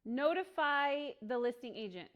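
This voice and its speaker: A woman leading a real estate training session for a small group, chatty and quick to laugh, often acting out little bits of dialogue. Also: sits high, expressive. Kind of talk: workshop teaching.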